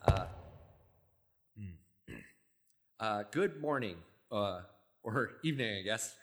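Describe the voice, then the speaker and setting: A sketch comedian doing a comic audition monologue, nervous and flustered, swinging between mumbling and shouting. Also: male voice, on the low side, lively intonation, slow pace, long pauses.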